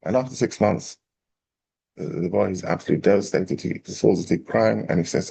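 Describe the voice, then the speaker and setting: Male rabbi, low gravelly voice, animated storyteller. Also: fairly quick. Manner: animated storyteller, acting out quotes. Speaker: rabbi teaching a class. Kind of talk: storytelling Torah class.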